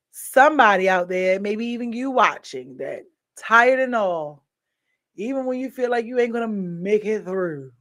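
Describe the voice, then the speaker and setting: A tired woman hosting a livestream, chatting casually and encouraging her viewers as she signs off. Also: mid-range voice. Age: adult with a daughter. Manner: chatty, encouraging, loose slangy talk. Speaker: livestream show host. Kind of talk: casual sign-off chat with viewers.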